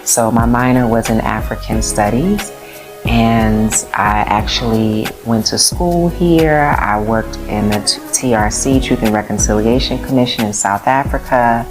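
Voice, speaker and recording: A woman's voice: very deep voice, a little slow, over music. A woman telling her personal story in an earnest, reflective way.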